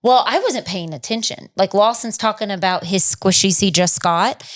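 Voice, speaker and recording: A woman in her thirties with a Chicago-area American accent, co-hosting a podcast and telling a story in a lively, casual way that acts out every quote. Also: moderate pace. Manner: animated, acts out quotes with big pitch jumps, laughs while telling. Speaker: podcast co-host.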